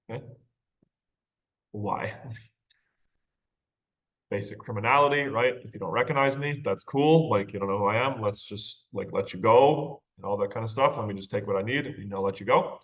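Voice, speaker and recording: He speaks at a moderate pace in a lowish, fairly bright voice, pausing often. In this informal recorded lecture on a short story, the male literature teacher laughs lightly and checks in rhetorically with "okay?" and "right?"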